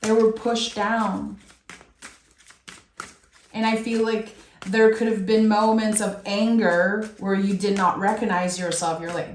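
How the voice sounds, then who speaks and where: A woman giving a soft, heartfelt tarot reading with many pauses, speaking straight to her viewer. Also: mid-range voice, steady tone, roomy sound, a little hiss or hum. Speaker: tarot reader. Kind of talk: emotional tarot reading monologue.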